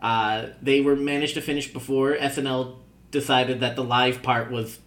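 A man at an ordinary middle pitch talks through a recap in loose, casual chat. He laughs often and leans on "uh" as he restarts his thoughts. It sounds like easygoing podcast banter. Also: level tone, normal speed, a bit bright, reverberant. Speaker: podcast co-host reviewing sketch comedy.

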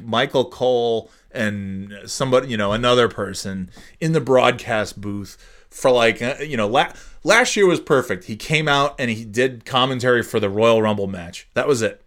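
A man's voice: medium pitch, normal speed, fairly bright tone. A man ranting casually on his podcast, profane and exasperated, rambling with lots of restarts. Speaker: podcast host. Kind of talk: casual rant.

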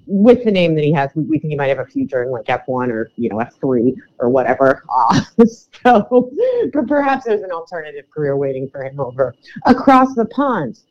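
A woman's voice: lowish voice, a little mellow. A woman co-hosting a casual sports podcast, chatty, laughing often and trailing off mid-sentence. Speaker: co-host. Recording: dull lo-fi audio.

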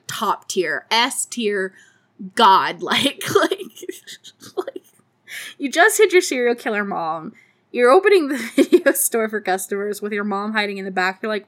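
A woman's voice: mid-range voice, a bit bright. A woman hosting a podcast, recapping a movie in casual chat with sarcastic, profane asides and frequent laughter. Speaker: podcast host.

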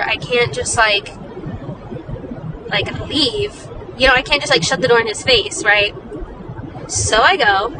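A young woman with a high voice tells a story in a chatty, dramatic, self-mocking way. She sits some distance from the mic. City traffic and a crowd can be heard clearly behind her. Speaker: podcast host. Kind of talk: casual storytelling monologue.

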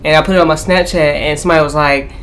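Low-voiced woman, chatty co-host. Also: fairly even intonation, rapid-fire, slight background noise. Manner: chatty, agreeable, chimes in. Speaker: podcast co-host. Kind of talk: casual chat.

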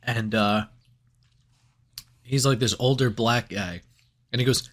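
A man's voice: mid-range voice, takes it slowly, a bit bright. Young man, rambling and laughing storyteller. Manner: rambling anecdotes, laughs at his own stories. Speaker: podcast co-host. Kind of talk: casual storytelling chat.

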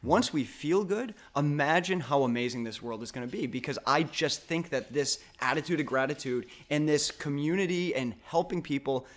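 A man's voice: a little high, moderate pace, hardly any pauses. A man hosting a wellness podcast who talks in an earnest, upbeat, optimistic way. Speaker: podcast host. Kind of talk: casual conversation.

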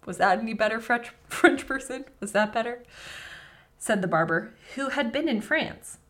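A woman's voice: a little high, animated, normal speed, a bit bright. An American woman co-hosting a casual podcast, reading folktales aloud and breaking in with profane, joking asides. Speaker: podcast co-host.

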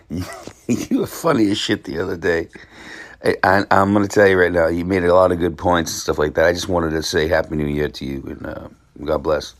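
Male caller, low voice, friendly, a bit stammering. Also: normal speed. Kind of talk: casual chat.

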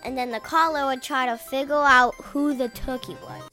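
A woman's voice: sits high, fairly even intonation, normal speed, bright, forceful tone, soft background music. A third-grade girl co-hosting a family podcast, earnestly explaining a game step by step. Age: child, third grade. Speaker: podcast co-host. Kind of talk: casual family podcast chat.

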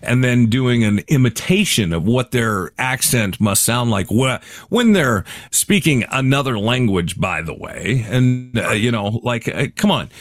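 Male podcast co-host, relaxed bro-ish delivery, animated pitch, dry close mic. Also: a little slow, few pauses, no room sound. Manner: laid-back, says "dude" often. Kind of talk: casual chat.

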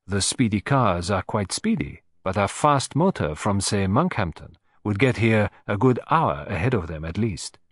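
A man's voice: lowish voice, very animated, no echo, studio quality. A man putting on Hercule Poirot, precise and ironic. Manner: precise, measured, lightly ironic. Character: fussy, precise male Belgian detective, middle-aged.

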